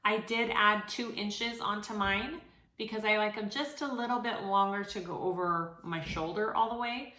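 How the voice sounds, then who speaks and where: A woman's voice: medium pitch, moderate pace, sharp tone. A woman hosting a sewing tutorial, talking casually and encouragingly with frequent fillers. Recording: echoey room.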